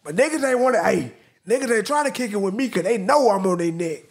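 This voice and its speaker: A man hosting a reaction video, reacting with loud, animated exclamations and slangy asides. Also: high-pitched, fast talker. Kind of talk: excited reaction commentary.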